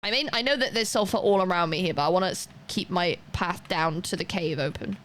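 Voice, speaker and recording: A woman's voice: fairly low pitch, fairly quick, a bit bright. A young woman streaming a game live, chatting casually and drifting off on tangents. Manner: rambling, chatty, goes off on tangents. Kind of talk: casual chat while gaming live.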